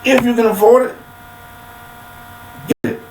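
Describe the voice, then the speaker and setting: A man's voice: very high voice, fairly even intonation, measured pace. A grown man giving a casual motivational monologue into a webcam, repetitive and preachy, full of rhetorical questions. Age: adult. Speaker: motivational speaker. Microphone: computer webcam mic. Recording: echoey room with faint mains hum.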